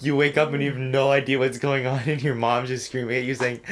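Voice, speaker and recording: Podcast host guy, jokey, keeps laughing, average pitch. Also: level tone, quick pace, a bit bright. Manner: laughs often, teasing interjections. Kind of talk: casual chat.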